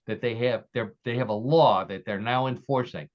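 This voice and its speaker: A man's voice: mid-range voice, moderate pace. Male podcast host, chatty and loose, dull lo-fi sound. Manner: chatty, with restarts. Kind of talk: casual podcast hosting, reading quiz stories. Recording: dull lo-fi audio.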